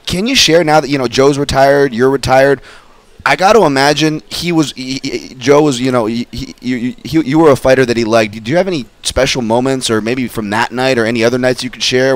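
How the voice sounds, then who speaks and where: A man's voice: mid-range voice, no echo. A man working as a fight analyst on a radio show, asking a guest long questions full of fillers and restarts. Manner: fast, many fillers and restarts.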